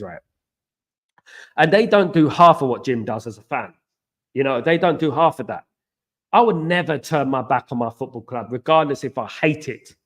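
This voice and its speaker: An English man hosting a casual live stream, chatting with viewers in an animated, repetitive, banter-heavy way with slang shout-outs. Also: mid-range voice. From England.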